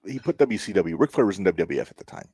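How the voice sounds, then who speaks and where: A man with a lowish voice co-hosting a wrestling podcast, talking loosely and cracking jokes. The sound is dry and close, with no room around it. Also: very animated, rapid-fire, a little mellow, husky, no echo. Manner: joking, talks to himself while working. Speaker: podcast co-host. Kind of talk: casual wrestling podcast chat.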